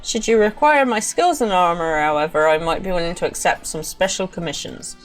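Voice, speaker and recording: A woman voicing a brash male game character, reading the lines loudly and slowly in a botched mock Scottish accent. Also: lowish voice, soft background music, natural voice. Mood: pompous. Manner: loud, slow, deliberate line reading. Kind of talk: reading game dialogue aloud.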